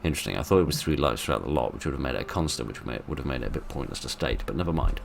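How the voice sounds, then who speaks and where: A man narrating a game playthrough, with theatrical polite exasperation that swings from loud outbursts to quiet murmurs. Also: rumbling low, expressive, racing, gravelly, slight background noise. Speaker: gaming video host. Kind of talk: let's play commentary.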